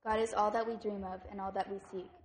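A woman's voice: medium pitch, level tone, fast talker, a little hiss or hum, lightly acted. Wise old turtle, read by a woman. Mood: solemn. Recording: echoey room.

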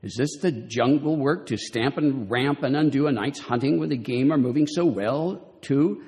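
A testy, huge old python read aloud by a man. The storybook voice is middling in pitch and rings out in a long hall echo. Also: normal speed, darkish tone, lightly acted. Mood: irritable.

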